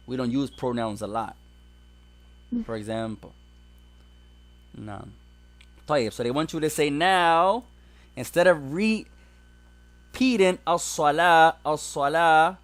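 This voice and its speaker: A man teaching an Arabic grammar class, explaining step by step and mixing English with Arabic examples. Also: medium pitch.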